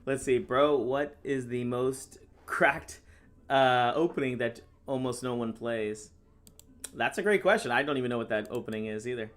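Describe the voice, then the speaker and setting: Deadpan sarcastic chess streamer, a man. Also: medium pitch, normal speed. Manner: casual, deadpan sarcastic, reads chat questions aloud and answers them. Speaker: chess streamer and National Master. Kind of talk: live-stream commentary while playing.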